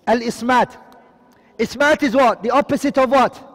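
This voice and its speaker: High-voiced male tajweed teacher quizzing. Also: fairly bright tone, long reverb tail. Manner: quizzing, asks and answers his own questions; recites Arabic terms quickly, then explains in English. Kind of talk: online lesson.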